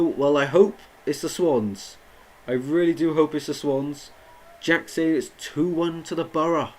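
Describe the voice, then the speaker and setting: Streaming a football watchalong, a young man comments live on the match, talks with viewers and gets worked up about the play. He speaks at a measured pace in a somewhat high voice. The recording quality is low.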